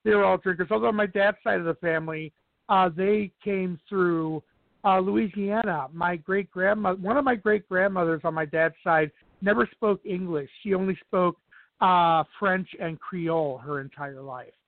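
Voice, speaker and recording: High-voiced man rambling over a tinny line. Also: normal speed, gravelly, no room sound. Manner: rambling, anecdotal, many restarts. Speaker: guest. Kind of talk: casual interview chat. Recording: dry tinny phone-like sound.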